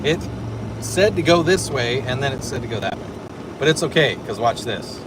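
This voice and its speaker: A man's voice: mid-range voice, animated, normal speed. A man hosting a casual livestream from a car on a road trip, chatting and moderating his chat. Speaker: streamer host. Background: car noise.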